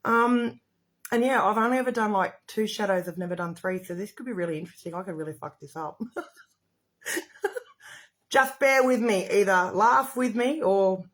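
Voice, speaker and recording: A middle-aged woman, chatting in a rambling, effusive way while hosting a casual makeup livestream to the camera. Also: medium pitch.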